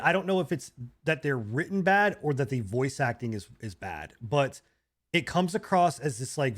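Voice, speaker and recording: A man co-hosting a gaming podcast, ranting in a rambling, animated way with swearing. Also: on the high side. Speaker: podcast co-host. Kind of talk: casual gaming podcast chat.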